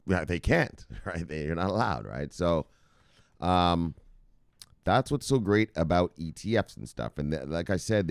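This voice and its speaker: A man's voice: deep voice, no echo, clean studio sound. A male host giving casual, loose crypto news commentary from his computer, chatty and profane, laughing often.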